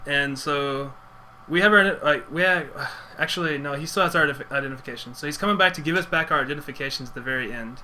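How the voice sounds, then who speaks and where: Bright-voiced young man rambling through a story. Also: fairly high pitch, quick pace, slight background noise, poor audio. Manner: rambling, full of "like" fillers and swearing. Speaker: streamer. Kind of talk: casual storytelling.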